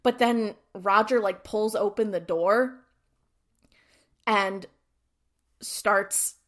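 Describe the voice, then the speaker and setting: A woman's voice: medium pitch, fairly even intonation, very slow, fairly bright tone. Woman co-host casually recapping a TV episode. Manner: retells scenes acting out each character's lines, with constant "like". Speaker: podcast co-host.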